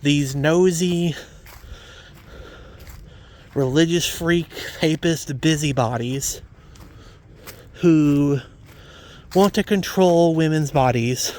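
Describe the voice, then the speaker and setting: A man's voice: fairly high pitch, very slow, pauses often, a little mellow. A man delivering a ranting monologue to his followers, blunt and indignant, repeating himself for emphasis. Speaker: vlogger.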